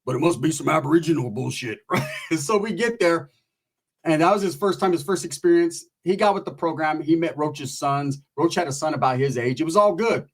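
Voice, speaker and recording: A man's voice: fairly high pitch, fairly quick. A man telling a rambling, crude comic story in a laid-back, profane way. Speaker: comedian.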